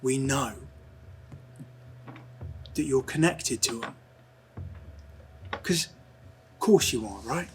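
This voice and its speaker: A man's voice: medium pitch, animated, takes it slowly, pauses often, a little hiss or hum. A man doing a sly fey good-cop interrogator. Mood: coaxing menace. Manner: soft, coaxing, menacing.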